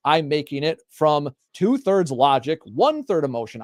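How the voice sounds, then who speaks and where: A man hosting a casual panel talk show, speaking emphatically and building up to forceful rhetorical questions. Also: a little high, very animated, normal speed, few pauses, no echo, studio quality. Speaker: podcast host.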